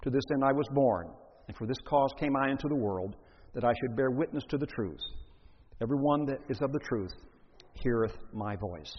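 A man preaching a sermon, reading scripture and then expounding it with deliberate emphasis. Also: medium pitch, animated, a little hiss or hum. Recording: dull lo-fi recording in a reverberant hall.

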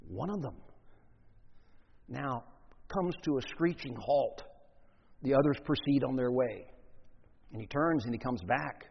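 A man preaching a sermon in an animated way, acting out scenes with big swings in pitch and volume. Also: measured pace, creaky, pauses often, slight background noise. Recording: long hall reverb, muffled lo-fi sound.

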